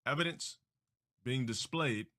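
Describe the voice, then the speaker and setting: A man's voice: mid-range voice, unhurried, sharp tone. A man livestreaming, making grandiose and self-important proclamations in a theatrical way.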